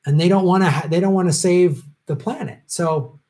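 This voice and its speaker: A man's voice: high voice, normal speed, a little mellow. Rambling male livestream host. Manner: rambling, many ums, chuckles, jokey asides. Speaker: show host answering viewer questions. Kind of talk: casual livestream chat.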